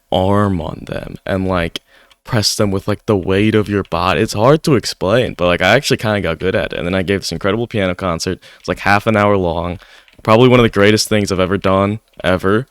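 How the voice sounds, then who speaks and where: A man's voice: fairly low pitch, dry recording, studio quality. A young man chatting casually over gameplay, rambling with lots of "like". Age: young adult. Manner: rambling, heavy use of "like". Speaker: gaming YouTuber. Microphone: desk microphone.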